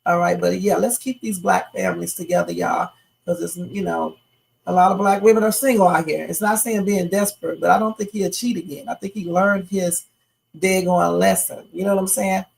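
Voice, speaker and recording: A woman's voice: lowish voice, steady tone, fairly quick, vocal fry, a little mellow, low-quality recording. A woman hosting a live reaction stream, giving her opinions in a chatty, outspoken way and talking to viewers. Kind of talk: casual live reaction commentary.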